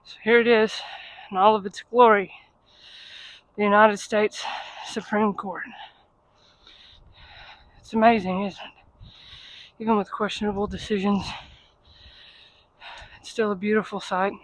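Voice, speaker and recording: A woman vlogging casually to her phone, chatty and self-deprecating, at times out of breath from walking fast outdoors in the cold. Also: medium pitch, flat delivery, no echo, low-quality recording. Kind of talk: casual travel vlog to camera. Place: outdoors on cold city streets.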